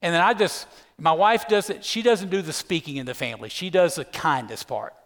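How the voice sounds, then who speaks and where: A man's voice: fairly high pitch, moderate pace, a bit bright. A middle-aged man, preaching a sermon as pastor and telling a personal story with emphatic energy. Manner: emphatic storyteller, keeps saying "listen". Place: church sanctuary. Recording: echoey church hall.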